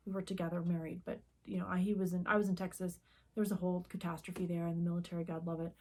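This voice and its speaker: A woman's voice: fairly low pitch, little pitch movement, quick pace, mellow. A middle-aged woman co-hosting a crafting channel, telling a story in casual chat and acting out the quoted dialogue. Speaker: co-host of a cross-stitch video channel.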